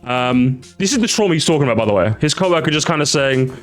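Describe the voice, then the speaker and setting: A young man talks in a casual, mocking stream commentary, tripping over and restarting his phrases. His voice sits a little high and swings widely in pitch. Soft music plays faintly behind him. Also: big pitch swings, fast, few pauses. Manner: sarcastic, mocking, lots of restarts. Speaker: streamer reacting to a comic.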